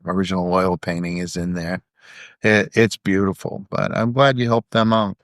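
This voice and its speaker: Male podcast host, smooth resonant voice, eager storyteller, dry booth sound. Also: sits low, normal speed, dry recording. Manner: enthusiastic, animated when retelling stories. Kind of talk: conversational interview.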